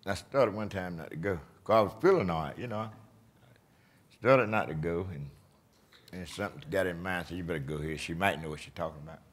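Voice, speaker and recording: A man's voice: low voice, brisk, husky. A man of seventy, plainly telling a personal story to a conference crowd and acting out the dialogue. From Eastern North Carolina. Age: 70s. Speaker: patient telling his story. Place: conference stage.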